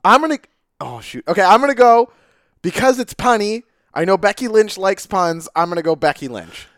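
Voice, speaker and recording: Casting: young male co-host, high animated voice, excitable and quick to curse. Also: no echo, clean studio sound. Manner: excitable, animated, swearing when wrong. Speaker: podcast co-host. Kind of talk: casual chat, guessing game.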